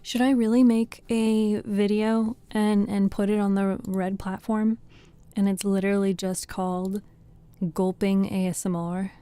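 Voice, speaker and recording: Slow, dark-toned woman reading softly. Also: mid-range voice, flat delivery, clear, resonant tone, no room sound. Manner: soft-spoken, rambling between readings. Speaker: storytelling streamer. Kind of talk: soft bedtime reading and chat.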